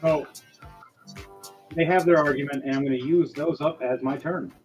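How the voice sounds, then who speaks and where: A man's voice: fairly high pitch, fairly even intonation, moderate pace, music in the background. A man narrating as game master, rambling with lots of restarts.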